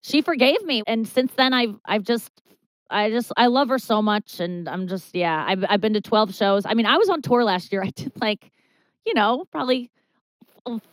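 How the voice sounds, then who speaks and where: A woman comedian appearing as a talk-show guest tells a candid story, swearing and stammering through restarts. She's animated, and her voice jumps high whenever she quotes herself or others. She speaks at a normal speed on a dry but poor-quality recording.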